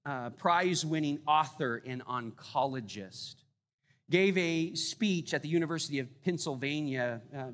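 Preaching man in a reverberant hall. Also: medium pitch. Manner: emphatic, swings between loud rises and quiet drops. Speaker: pastor. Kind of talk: sermon.

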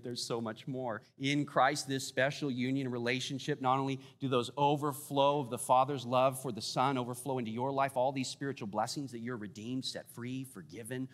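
Preaching man in a reverberant hall. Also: mid-range voice. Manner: emphatic, swings between loud rises and quiet drops. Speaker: pastor. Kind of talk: sermon.

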